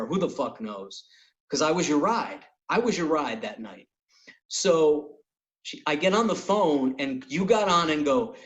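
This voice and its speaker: Middle-aged male comic host, lively storyteller, slightly higher voice. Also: poor audio. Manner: animated storyteller, acts out quotes. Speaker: podcast host and comedian. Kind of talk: casual storytelling.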